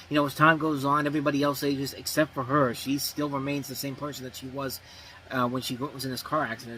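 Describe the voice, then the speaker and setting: A man's voice: medium pitch, pushed and bright, a little hiss or hum, rough recording. A man hosting a movie review show, talking casually and rambling, with frequent restarts and self-corrections.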